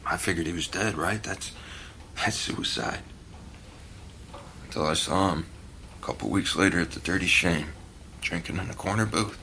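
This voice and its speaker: An actor playing a rough fisherman who witnessed a massacre, telling it in an agitated, slangy way in an audio drama. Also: low voice, moderate pace, pauses often, bright, forceful tone, slight background noise. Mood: insistent.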